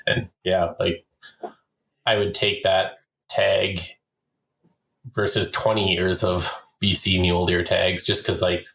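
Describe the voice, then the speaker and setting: Deep-voiced man, blunt and opinionated. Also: level tone, takes it slowly, creaky, long pauses, a bit bright. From Canada. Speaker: podcast guest, hunter and wildlife photographer. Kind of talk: casual conversation. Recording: roomy echo.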